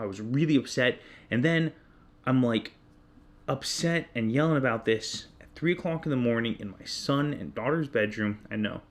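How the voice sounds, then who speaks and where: He's a podcast co-host in his thirties, talking at a fairly quick clip in a mid-range voice. Casually and candidly, with plenty of self-deprecation, he tells a story from his own life and gets worked up retelling how he yelled.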